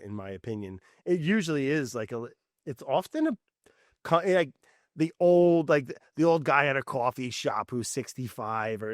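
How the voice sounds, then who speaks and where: A man's voice: mid-range voice, no echo, studio quality. Laid-back man hosting a podcast. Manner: laid-back, rambling, says "man" and "you know". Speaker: podcast host. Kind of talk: casual podcast chat.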